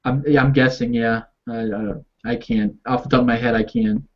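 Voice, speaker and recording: A man with a New York accent chats on a video call, his voice dulled by lo-fi audio. He is mid-pitched and hesitant, often repeating words and trailing off. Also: moderate pace, creaky. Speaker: co-host. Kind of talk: casual video-call discussion.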